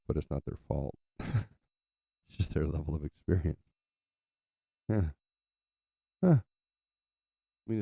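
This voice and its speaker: Host: very deep, gravelly man, dark tone, loose and profane, rambling chat, dull lo-fi sound. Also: no echo. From California. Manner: loose, profane, chatty, trails off in filler. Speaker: podcast host. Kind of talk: casual rambling storytelling.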